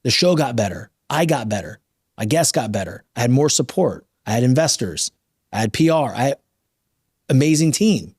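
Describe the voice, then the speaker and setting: A man in his thirties hosts a podcast with a mid-pitched voice, building emphatic motivational points. The sound is dry and close-miked. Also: expressive, moderate pace, darkish tone, breathy edge, dry recording. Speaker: podcast host. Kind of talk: casual interview talk.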